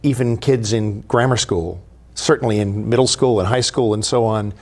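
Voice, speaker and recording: A man, guest host of a TV talk show, explaining history in a measured, professorial way. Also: fairly low pitch, darkish tone. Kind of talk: studio TV talk.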